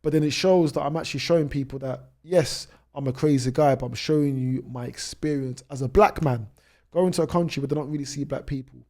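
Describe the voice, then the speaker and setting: A young British man in his twenties speaks as a guest on a podcast, telling travel stories at a rapid clip. His voice is dark and mellow, and he often breaks off and restarts his sentences as he goes. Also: medium pitch. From United Kingdom. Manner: rapid anecdotes with many restarts. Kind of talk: storytelling in a podcast interview.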